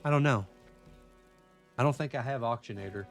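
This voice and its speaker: A man chatting casually to viewers while streaming a game, swearing a lot and swinging between excitement and frustration. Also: medium pitch, moderate pace, soft background music. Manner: profane, excitable, talks to chat. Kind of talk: live-stream gameplay chat.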